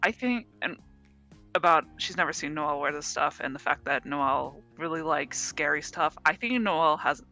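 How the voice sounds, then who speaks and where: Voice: mid-range voice, expressive, moderate pace, bright, forceful tone, faint music behind. A speaker in a loose group chat, laying out a theory at length and swearing now and then. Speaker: friend in group discussion. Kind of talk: casual group chat over a call.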